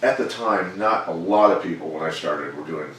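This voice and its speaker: A middle-aged man, a former fighter turned coach, telling stories in a measured, plainspoken way during an interview. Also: low-pitched, a little hiss or hum. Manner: measured, plainspoken, animated when quoting others. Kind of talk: casual storytelling interview. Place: gym. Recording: echoey room, mic far off.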